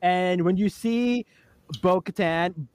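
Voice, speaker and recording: A man hosting a casual podcast chat, talking excitedly with quick asides. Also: high-pitched. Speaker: podcast host.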